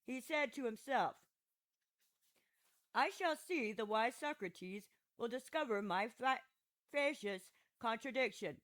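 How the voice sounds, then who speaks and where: A woman's voice: fairly high pitch, animated, unhurried, fairly bright tone, poor audio. A woman reading an ironic old philosopher on trial. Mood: ironic questioning. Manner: patient, argumentative questioning. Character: aging male philosopher on trial, ironic and probing. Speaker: audiobook narrator. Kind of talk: audiobook reading of a classic dialogue.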